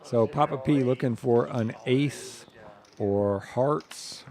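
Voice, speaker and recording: A man with a gravelly, creaky voice co-commentates live poker. He teases the players with dry jokes and asks his partner questions, speaking at an ordinary middle pitch. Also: takes it slowly, darkish tone. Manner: wry, teasing banter and questions.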